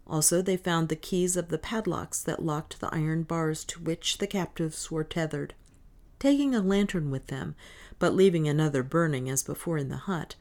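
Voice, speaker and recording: Low-voiced woman reading an audiobook. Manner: steady, measured reading. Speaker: narrator. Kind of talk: audiobook narration.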